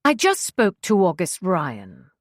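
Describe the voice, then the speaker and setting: A woman's voice: lowish voice, wildly swooping pitch, slow pace, no echo, clean studio sound, exaggerated voice. A woman voicing an officious older secretary from London, prim and lecturing, with a London accent.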